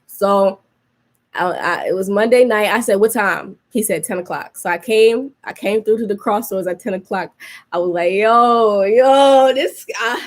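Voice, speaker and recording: A young woman chats casually as a podcast host, telling a story in a loose, rambling way. She leans on fillers and restarts and acts out her own reactions as she goes. Her voice sits at a middle pitch for a woman. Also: normal speed.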